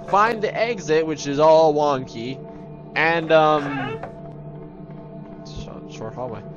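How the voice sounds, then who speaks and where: A young man casually commenting on a horror game as he plays, joking and talking to a monster as if it were a pet dog. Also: fairly high pitch. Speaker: gaming video host. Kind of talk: let's play commentary. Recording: dull lo-fi sound with background noise.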